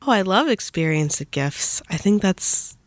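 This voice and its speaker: A young woman co-hosting a podcast, chatting casually and excitably with frequent "like" fillers. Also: medium pitch, a little slow, dry recording. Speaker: podcast co-host, daughter. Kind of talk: casual family chat.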